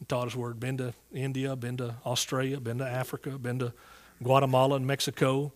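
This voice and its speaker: A man's voice: mid-range voice, level tone, a little fast. A man with a Southern US accent telling his calling story as a Bible teacher, folksy and earnest, with restarts, to a church congregation. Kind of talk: sermon testimony. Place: church service before a congregation.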